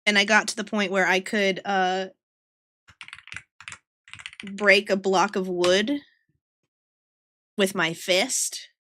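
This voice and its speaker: A woman's voice: mid-range voice, little pitch movement, slow pace, pauses often, pushed and bright. A young woman streaming casually while she draws, chatting playfully with her viewers. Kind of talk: casual livestream chat while drawing.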